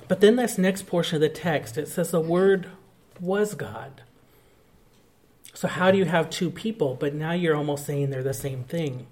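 A man's voice: on the high side, brisk, few pauses, darkish tone. A male pastor preaching a sermon, explaining a point of scripture in an earnest, teaching manner.

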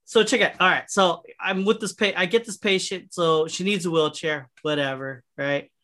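Bright-voiced man telling a rambling story. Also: high voice, fairly even intonation, moderate pace. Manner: rambling, profane, acts out voices in his anecdotes. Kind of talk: casual chat, storytelling.

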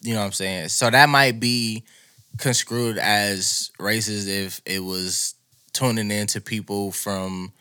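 A man's voice: fairly low pitch, steady tone, slow, pushed and bright, clean tone. A man co-hosting a casual podcast chat, talking loosely and profanely, rambling through his points.

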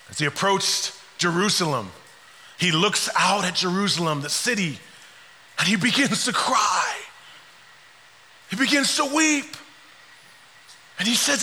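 A man preaching a sermon, swinging between soft, quiet passages and shouted climaxes. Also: high voice, measured pace, long pauses, in a large hall. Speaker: pastor.

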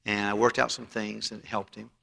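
A man's voice: on the low side, little pitch movement, moderate pace, gravelly, a bit bright. A man preaching a sermon as pastor, emphatic and storytelling, often restarting his phrases, in a church auditorium. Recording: long hall reverb.

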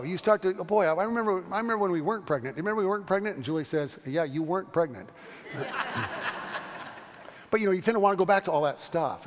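A pastor teaching a Bible study class, talking fast and animated, with frequent restarts. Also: male voice, fairly high pitch, in a large hall. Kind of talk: Bible study lecture with questions.

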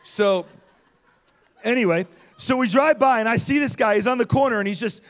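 A man preaching a sermon as pastor, telling personal stories in an animated way with self-deprecating humor. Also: very high-pitched, moderate pace.

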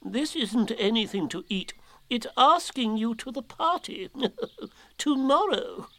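A man's voice: extremely high pitch, expressive, takes it slowly, vocal fry, a bit bright, pitched above the performer's own voice, exaggerated voice. A man voicing a fussy, self-important old owl in a storybook reading, full of chuckles.

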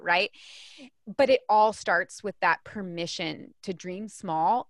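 Emphatic, energetic woman author. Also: on the low side, slow, no room sound, clean studio sound. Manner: energetic and emphatic, with frequent restarts. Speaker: author and coach. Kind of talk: guest in a casual interview.

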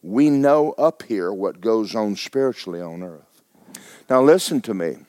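A middle-aged man preaching a sermon as pastor, telling a personal story with stammering restarts and sudden swings between hushed and loud. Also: lowish voice, animated, a little slow, dry recording, studio quality.

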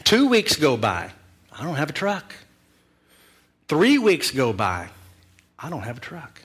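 Bright-voiced pastor telling a story. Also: male voice, a little high, a little slow, husky. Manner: animated, humorous storytelling with self-mocking asides. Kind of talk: storytelling sermon.

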